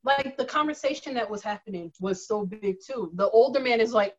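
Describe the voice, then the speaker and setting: A woman co-hosting a casual chat, chatty and quick to laugh. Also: a little high. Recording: dull, lo-fi recording.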